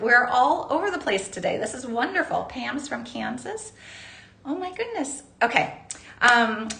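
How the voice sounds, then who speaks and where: A woman's voice: a little high, sharp tone. A middle-aged woman from Southern California hosting a live jewelry-making class, chatty and upbeat as she greets viewers by name. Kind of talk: live-streamed craft class chat. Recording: roomy echo.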